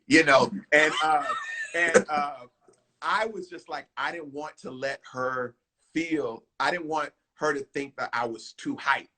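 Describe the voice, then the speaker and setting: Lively, husky-voiced man telling a story. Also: medium pitch. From Houston. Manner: lively storyteller, acts out quotes, breaks into song. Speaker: guest singer. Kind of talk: animated storytelling in an interview.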